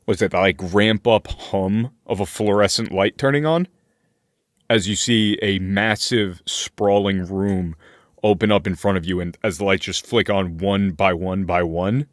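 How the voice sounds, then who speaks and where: A man's voice: deep voice, steady tone, measured pace, no room sound, studio quality. A man running a tabletop game as game master, narrating scenes loosely with plenty of fillers and restarts.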